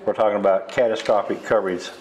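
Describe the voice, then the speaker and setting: A man's voice: on the low side, level tone, fast, darkish tone, slight background noise, rough recording. An older man from the United States hosting a casual interview in an insurance office, friendly and rambling, often repeating himself. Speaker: host.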